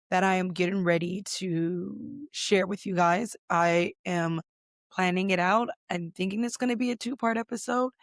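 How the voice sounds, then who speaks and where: A woman hosting a casual solo podcast in a chilly office, hoarse with her voice mostly gone, chatty and rambling with a self-deprecating manner. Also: medium pitch, no room sound, studio quality. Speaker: podcast host. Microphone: computer recording setup.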